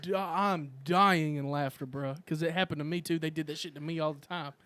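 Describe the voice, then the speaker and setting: A young man hosting a casual chat, telling profane stories and shouting out quoted lines. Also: on the high side, steady tone, a little fast, clean tone, dry recording. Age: young adult. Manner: profane storytelling, loud acted quotes. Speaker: podcast host.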